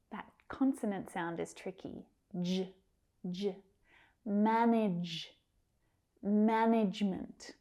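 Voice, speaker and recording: Slow, mellow-voiced pronunciation teacher woman. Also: a little high. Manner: careful, drawn-out repetition of words.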